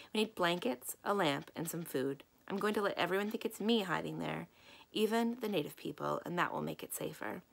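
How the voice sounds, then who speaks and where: A librarian reads a children's novel aloud in an easy storytelling manner. Her voice sits low with a gravelly fry, and she lifts it for the characters' lines. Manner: gentle storytelling, lifting her voice for dialogue. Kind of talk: children's book read-aloud.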